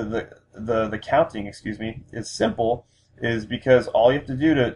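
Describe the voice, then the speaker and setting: A man giving a patient spoken language lesson, pausing often with fillers as he explains. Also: mid-range voice, a little mellow, breathy edge. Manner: patient, with frequent fillers and restarts. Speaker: language teacher. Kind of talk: instructional lesson.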